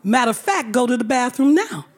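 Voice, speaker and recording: A woman voicing a stern, bossy older male pedicurist who speaks in a commanding, deadpan way. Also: fairly high pitch, fairly quick.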